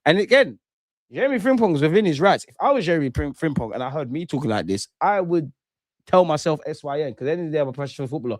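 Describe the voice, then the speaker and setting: Give me an excitable young man in his own voice, trading banter with his chat during a live football match, in a dry, close recording. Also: on the high side, fast talker, no room sound. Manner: excitable, banter-heavy, trash-talking. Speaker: streamer hosting a football watch-along. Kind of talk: casual live commentary, chatting with viewers.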